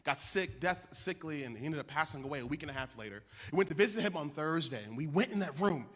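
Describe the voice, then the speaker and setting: A man in his thirties from Milwaukee preaching a sermon-style speech, animated and building to shouted, sung cadences. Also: on the high side, fast talker. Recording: reverberant hall.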